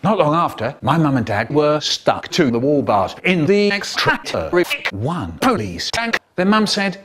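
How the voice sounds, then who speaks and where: A man telling a spliced-together comic story in an animated voice that jumps into sudden squeaky highs. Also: a little slow, hardly any pauses.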